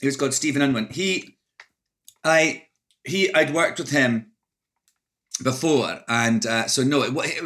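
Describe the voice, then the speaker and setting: A man's voice: medium pitch, a little slow, pauses often, a bit bright. A middle-aged Scottish man, an actor, reflecting in a casual interview with many restarts.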